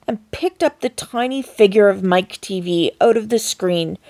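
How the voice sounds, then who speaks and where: A woman reading a children's novel aloud in an expressive, unhurried way. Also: medium pitch, dry recording. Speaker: storyteller.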